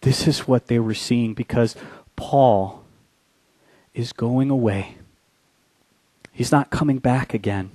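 A man preaching a sermon, reading scripture and telling a war story, swinging from hushed and slow to loud and urgent. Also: mid-range voice, dry recording. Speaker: pastor.

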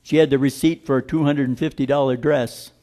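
A man preaching a sermon, blunt and emphatic, slowing down to stress scripture lines. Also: mid-range voice, steady tone, warm tone.

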